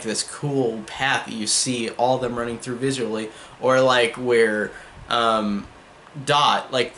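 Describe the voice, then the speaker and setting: Guy gushing about a movie, says like a lot, mid pitch, faint noise behind. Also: fairly bright tone. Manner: enthusiastic, rambling, heavy use of "like". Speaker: movie reviewer. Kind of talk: casual spoken movie review.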